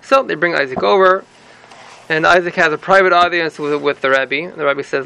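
A man with a high, gravelly voice tells a long joke. His tone is bright and lively, he acts out the characters, and he laughs at his own punchlines. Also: moderate pace, rough recording. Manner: animated, voices the rabbi and husband, laughs at own jokes. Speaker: joke teller.

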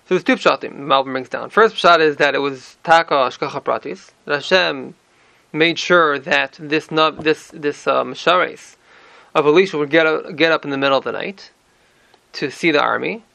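A man leads a Torah class in a high, gravelly voice. He explains with energy, tosses out "right?" after his points, and weaves in Hebrew phrases. The sound is bright and dry, close to the mic. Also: normal speed, no echo. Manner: animated explaining, frequent rhetorical "right?"; mixes in Hebrew terms and verse readings. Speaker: Torah teacher.

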